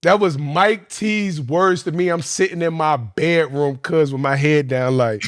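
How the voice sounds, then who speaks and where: A man telling his football career story on a podcast, animated, profane and slangy. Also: a little high, a little slow, dry recording, clean studio sound.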